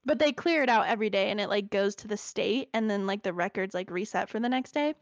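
A young woman in casual chat, telling an animated story full of "like" fillers. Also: medium pitch, fast talker, dry recording. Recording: slightly dull lo-fi dry sound.

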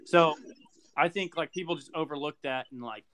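A young man co-hosting a podcast in casual chat, explaining a theory with animated, laughing energy. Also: fairly high pitch, moderate pace, a little hiss or hum. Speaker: podcast co-host.

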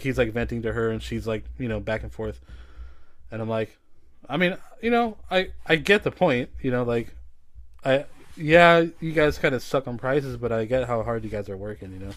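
A man's voice: mid-range voice, moderate pace, dry recording. Casual male podcast host, rambling storyteller, swears freely, dry close sound.

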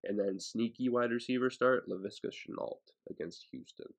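A man's voice: on the low side, moderate pace, vocal fry. A man going through fantasy football picks on a podcast, hesitant with frequent ums. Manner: hesitant, lots of ums and uhs. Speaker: podcast co-host.

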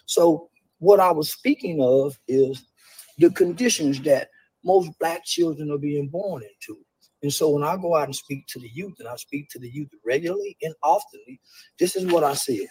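A man who speaks to youth, delivering an emphatic, preachy monologue that swings between loud and hushed. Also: on the high side, moderate pace, a little hiss or hum, rough recording.

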